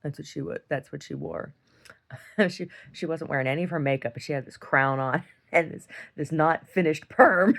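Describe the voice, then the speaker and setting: In a casual video diary, a woman with a low voice rambles through a long story at a moderate pace. She keeps restarting her sentences and laughs often as she talks.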